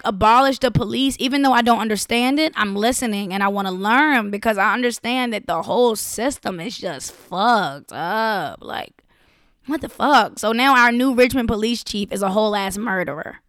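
A woman's voice: a little high, a bit bright, no echo, clean studio sound. A young woman talking straight to her viewers, blunt, profane and impassioned. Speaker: vlogger. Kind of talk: casual direct-to-camera talk.

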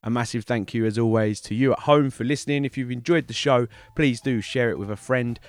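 A man hosting a podcast, reading a friendly, brisk outro with the show details. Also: mid-range voice. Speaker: podcast host.

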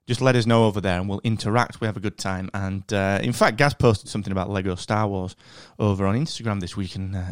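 A man with a Northern English accent hosts a podcast in a chatty, animated monologue that rambles along with fillers and restarts. His voice sits at a middling pitch, and the recording is close and dry, with no room sound. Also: clear, resonant tone, no room sound. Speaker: podcast host.

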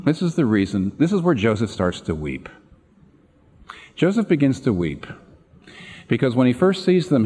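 Animated preacher in a reverberant hall. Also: male voice, fairly low pitch. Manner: animated storytelling, acting out quoted lines. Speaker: pastor. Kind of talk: sermon retelling a Bible story.

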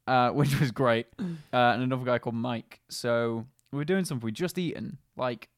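A man's voice: medium pitch, animated, moderate pace, dry recording, clean studio sound. A young man, co-hosting a casual podcast chat and telling a story between bursts of laughter, swearing freely. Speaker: podcast co-host. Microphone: close podcast mic.

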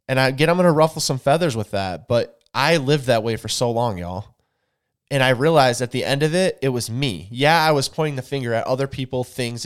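An earnest man with a drawl talks on a podcast. He speaks at a middle pitch and leans on repeated words for emphasis. His tone is casual but insistent. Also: clean tone. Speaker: podcast co-host.

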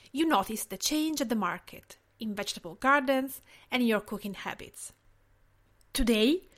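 A woman with an Italian accent hosts her podcast in a slightly high voice, reading a prepared script. She speaks in a gentle, measured way and pauses between phrases. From Tuscany, Italy. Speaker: podcast host.

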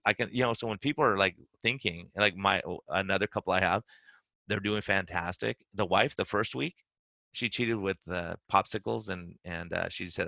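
Fast-talking gravelly man. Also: deep voice, no echo. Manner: animated storyteller acting out clients' words. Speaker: podcast host and weight-loss coach. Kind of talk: casual podcast conversation.

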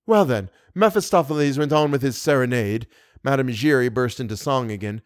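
A man narrating an audiobook in a lively, animated storytelling manner. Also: mid-range voice, brisk, dry recording, studio quality. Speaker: audiobook reader.

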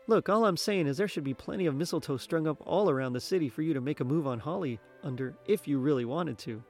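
A man voicing a chatty schoolboy who teases his friend in a lively way. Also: a little high, quick pace, faint music behind. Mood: teasing. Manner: teasing, lively.

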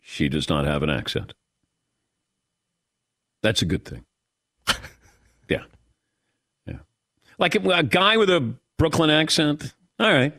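Male radio host, casual and lively, close dry studio mic. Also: fairly high pitch, takes it slowly, long pauses, dry recording. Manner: lively, laughs often, takes calls.

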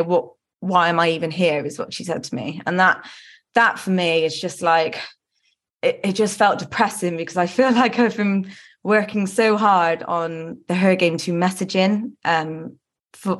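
Candid woman on a football podcast. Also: fairly low pitch. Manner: candid, earnest, with frequent ums and restarts. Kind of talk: casual podcast chat.

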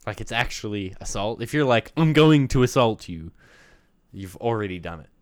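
A man co-hosting a podcast, teasing and reacting with quick swearing comebacks. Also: fairly low pitch, animated. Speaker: podcast co-host. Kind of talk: casual chat.

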